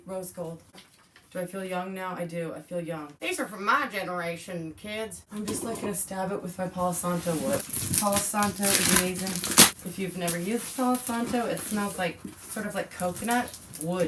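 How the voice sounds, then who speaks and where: A woman's voice: lowish voice, moderate pace, distant mic, very noisy. A woman in her forties chatting casually while unboxing, gushing and exclaiming often. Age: 40s. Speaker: vlogger.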